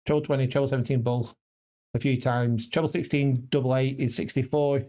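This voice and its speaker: A man's voice: medium pitch, little pitch movement, fairly quick, dark tone. A man on a casual live stream, practicing darts and muttering checkout numbers to himself, then chatting with viewers. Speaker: darts vlogger. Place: home darts room.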